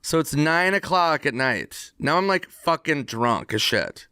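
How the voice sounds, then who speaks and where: A man spins a casual anecdote in a bright, forceful voice that sits a little high for a man. He acts out the lines of the people in his story and swears freely. The recording is close and dry. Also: big pitch swings, measured pace, clear, resonant tone, no room sound.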